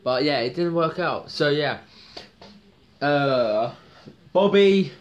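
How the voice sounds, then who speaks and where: A man's voice: medium pitch, slow, fairly bright tone, highs cut off. A man hosting a jokey solo TV review video, rambling and hesitant with many ums and slang words. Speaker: TV soap reviewer.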